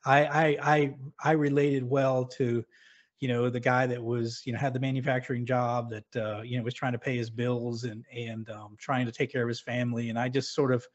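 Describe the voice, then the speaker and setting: A man's voice: medium pitch, level tone, normal speed. A middle-aged man from New England, a podcast guest, talking earnestly about his career in casual chat with many restarts. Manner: earnest, storytelling, frequent restarts. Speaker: podcast guest, former submarine officer. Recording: lo-fi dull audio.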